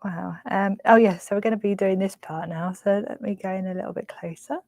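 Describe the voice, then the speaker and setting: A woman's voice: medium pitch, fairly even intonation, brisk, no room sound, rough recording. A young woman hosting a craft live stream, chatting emotionally with lots of fillers. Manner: gushing, emotional, soft-spoken with many fillers. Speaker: craft show host. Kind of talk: casual live-stream chat.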